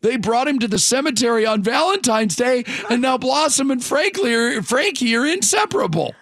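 A man's voice: very high-pitched, lively intonation, moderate pace, fairly bright tone, no echo, clean studio sound. A man hosting a morning radio show, chatting casually and rambling with fillers and restarts. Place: radio studio.

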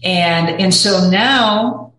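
A woman's voice: on the low side, extremely slow, a bit bright. Middle-aged woman guest, candid and rambling, recorded in a roomy echo. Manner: rambling, candid, peppered with 'you know'. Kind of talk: casual interview chat. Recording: echoey room.

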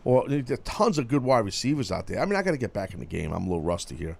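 Gravelly teasing male radio host. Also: lowish voice, sing-song, fast talker. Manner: loud, teasing, talks over callers. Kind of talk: casual radio banter.

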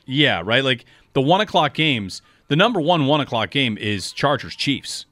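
Lively male sports radio host, dry studio. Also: mid-range voice, normal speed, no echo, faint music behind. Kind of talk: casual sports talk.

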